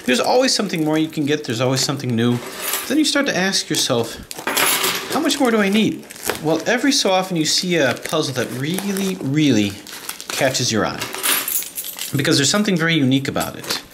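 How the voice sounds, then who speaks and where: A man talking casually at home at night, unboxing and demonstrating a puzzle with eager, chatty enthusiasm. His pitch swings widely as he talks, and steady hiss and clicks run under the home recording. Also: brisk. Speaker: puzzle collector and video host. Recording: noisy home video with clicks.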